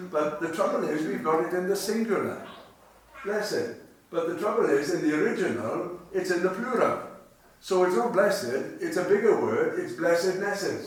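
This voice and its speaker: A man preaching a sermon in a chapel, conversational and emphatic, repeating phrases and asking rhetorical questions. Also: a little high. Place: cemetery chapel. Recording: echoey chapel, distant mic, faint noise.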